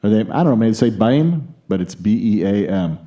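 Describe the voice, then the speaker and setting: A man's voice: lowish voice, quick pace, muffled recording. An American man hosting a podcast in a casual news chat, with jokey, opinionated asides. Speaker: podcast host.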